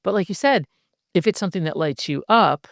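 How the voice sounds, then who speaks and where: A woman's voice: fairly low pitch, lively intonation, brisk, creaky, dry recording, studio quality. A middle-aged woman hosting a podcast, talking in a reflective, affirming way and summing up what her guest says. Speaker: podcast host. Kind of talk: casual podcast chat.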